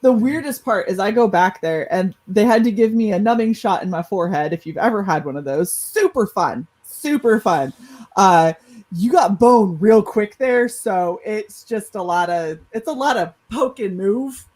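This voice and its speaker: A woman on a panel show, telling a personal story in casual chat, animated and cursing freely. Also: medium pitch, normal speed, poor audio. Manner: animated, swearing, laughing storyteller. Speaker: podcast panelist.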